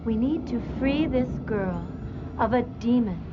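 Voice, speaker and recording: An actress playing a satanic priestess, speaking in a measured, ceremonial way in a low-budget horror film clip. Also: female voice, expressive. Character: female satanic priestess, calm and secretive. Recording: lo-fi film clip with loud background noise.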